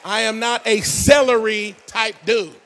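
A man with a bright, high voice preaches live, lively and funny, jumping into the voices of the people in his stories with street slang. His words ring out with a long reverb through a large hall. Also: unhurried, a faint crowd. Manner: animated storytelling, acting out characters in a street-slang voice. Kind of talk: energetic comedic sermon.

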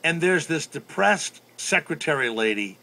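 A middle-aged man hosting a radio show, telling a story in casual chat with animated, rambling energy. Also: fairly high pitch, moderate pace. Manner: animated, breaks into loud sing-song la-las. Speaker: radio host.

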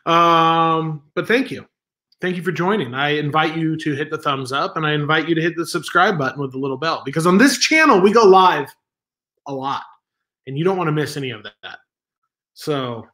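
A man's voice: on the high side, bright, forceful tone. Rambling man chatting on a livestream. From Southern California. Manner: rambling, self-mocking, reads chat aloud. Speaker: livestream stand-in host. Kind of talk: casual live-stream chat. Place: home.

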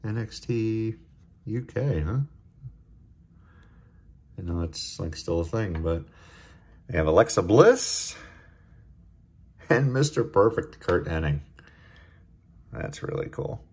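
A man hosting a casual card-opening video, chatting in a relaxed way and getting excited over good pulls. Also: low voice, slow pace, pauses often, husky. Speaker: card-opening channel host.

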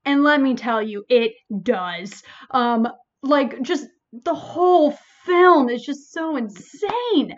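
A woman librarian hosting a casual review chat, animated and full of fillers like "like" and "um". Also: sits high, muffled recording. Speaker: librarian podcast host.

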